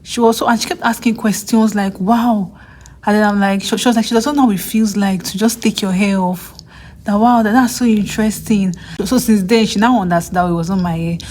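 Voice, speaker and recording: A woman's voice: fairly even intonation, a little fast, darkish tone. Chatty young Nigerian woman vlogging. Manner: chatty, acts out others' lines in a higher voice. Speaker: vlogger and graduate student. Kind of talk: casual storytelling vlog.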